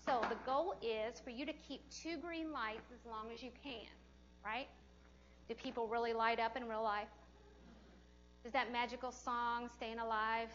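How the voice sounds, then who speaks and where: A woman's voice: a little high, fairly bright tone, highs cut off, slight background noise. A woman teaching a hands-on CPR class in a training room, chatty and encouraging, often laughing as she talks. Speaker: CPR instructor.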